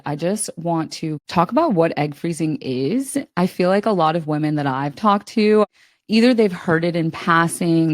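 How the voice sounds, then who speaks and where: A young woman with a low voice chats easily as a podcast co-host, giggling often and dropping "like" all through. She is a bit under the weather, and her voice sounds dry and close. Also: dry recording. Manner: chatty, laughs often, lots of "like". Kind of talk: casual chat. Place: at home, recording remotely.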